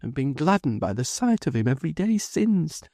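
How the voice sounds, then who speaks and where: A woman's voice: low-pitched, very animated, moderate pace, mellow, dry recording, clean studio sound, voice pushed up, exaggerated voice. Storybook figure: a heartbroken old mother with a choking, pleading, raised voice, put on by a male reader. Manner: choking, pleading, broken with emotion. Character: elderly grieving mother pleading for her son.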